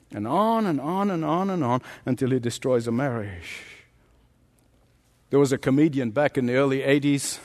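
A man's voice: mid-range voice, a little mellow. A man preaching a sermon, emphatic and dramatic, often turning to the listeners directly. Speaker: pastor. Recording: long reverb in a large hall.

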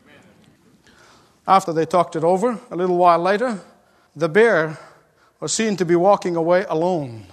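High-voiced preacher in an echoing hall. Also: male voice, normal speed, long pauses. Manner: emphatic and repetitive, often laughing. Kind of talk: sermon.

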